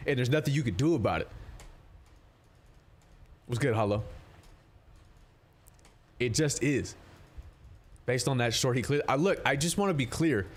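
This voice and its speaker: A man's voice: mid-range voice, lively intonation, measured pace, long pauses. A young man streaming live, chatting casually with his viewers in a rambling, profane, joking way. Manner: rambling, profane, jokey, answers chat.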